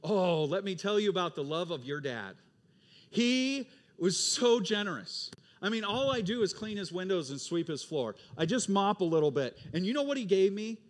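A man's voice: high voice, pitched above the performer's own voice. A preacher acting out a gushing, overjoyed handyman. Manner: loud, drawn-out gushing.

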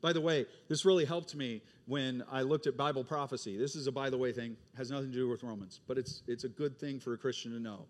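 A male pastor preaching an animated sermon, acting out the voices of the people in his stories. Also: mid-range voice.

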